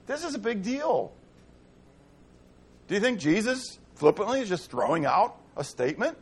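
Male pastor, high voice, animated sermon delivery with rhetorical repetition. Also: moderate pace, slightly rough.

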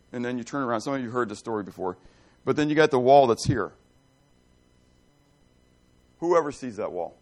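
A middle-aged man preaching a conversational sermon, telling folksy stories and checking in with the congregation with questions. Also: mid-range voice. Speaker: pastor.

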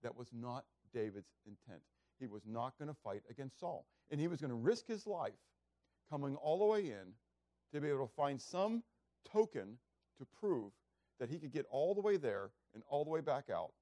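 A man's voice: mid-range voice, sing-song, normal speed, dark tone, no echo. A man preaching a sermon in a conversational way, asking the listeners questions and acting out biblical speeches in a raised voice. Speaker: pastor.

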